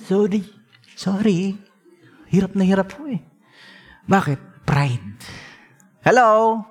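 Animated Filipino preacher man. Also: high-pitched, slow. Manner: animated, switches between languages, acts out quoted dialogue. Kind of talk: sermon.

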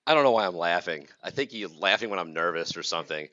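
An American man in his forties, a college counselor co-hosting a podcast, rants with exasperation and sarcasm. His deep voice moves quickly with lively intonation and a pushed, bright tone, recorded with no room sound and the highs cut off.

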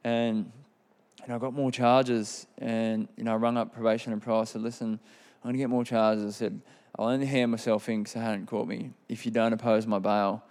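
A man's voice: lowish voice, level tone, normal speed, darkish tone. A man in his thirties with an Australian accent, telling his personal testimony in a candid, rambling way with many fillers. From Queensland, Australia. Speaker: testimony speaker.

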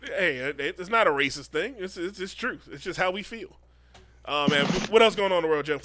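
A man hosting a comedy podcast in loose banter, reacting with loud laughs and animated quips. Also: high-pitched, brisk, noisy background. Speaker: podcast host. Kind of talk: casual banter.

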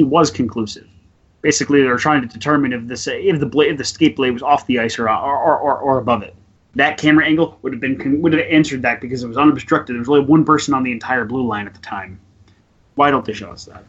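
A husky man co-hosting a podcast, rambling fast and swearing often. His voice sits at a middle pitch, and the recording is dull and lo-fi. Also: a bit bright. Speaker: podcast co-host. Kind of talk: casual chat.

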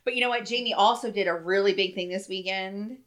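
A woman in her forties with a middle-pitched voice, telling family stories as a podcast co-host. She rambles along chattily and breaks into laughs. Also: fairly quick, fairly bright tone, rough recording. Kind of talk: casual storytelling chat.

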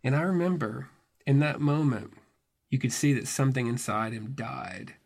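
A man's voice: medium pitch, moderate pace, creaky, a little mellow. A man telling a personal story in a wry, self-deprecating, conversational way, full of casual fillers. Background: music score.

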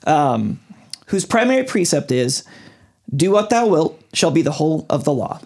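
Lively man explaining a story on a podcast. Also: fairly high pitch, normal speed, vocal fry. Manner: lively, explanatory, stumbles over names. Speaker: podcast host. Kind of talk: casual podcast chat, explaining a topic.

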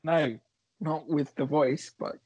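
A man's voice: a little high, fairly even intonation, slow, a crowd in the background, rough recording. A man co-hosting a casual comedy chat, dry and exasperated. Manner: exasperated, dry, laughs often. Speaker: podcast co-host.

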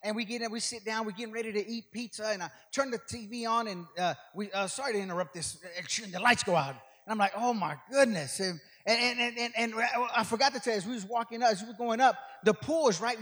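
An older man preaching as a guest speaker, telling rambling stories that build to shouted preaching. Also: high-pitched, fast talker, slightly rough. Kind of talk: sermon. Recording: long hall reverb.

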